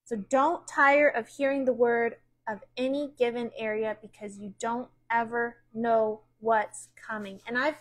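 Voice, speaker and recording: A woman's voice: fairly high pitch, steady tone, unhurried, few pauses, rough recording. A middle-aged American woman pastor teaching a midweek sermon, reading passages aloud and explaining them with frequent restarts. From United States. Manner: reads aloud then explains with repeated restarts.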